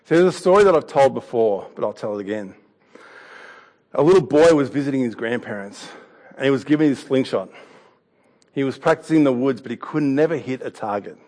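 A male preacher, giving a sermon in a relaxed, conversational way. His voice sits at a middling pitch for a man, and he often drifts softer and quieter. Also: brisk. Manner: conversational and warm, with laughs and anecdotes.

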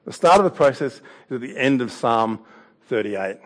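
A man's voice: mid-range voice, lively intonation, moderate pace. A man preaching a sermon, telling a story and an anecdote in a conversational way with some laughs.

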